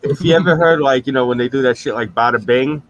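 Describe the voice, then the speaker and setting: A middle-aged man, hosting a stream with crude, animated storytelling. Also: medium pitch, fast talker, lo-fi sound. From New York. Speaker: stream host. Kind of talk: casual profane chat.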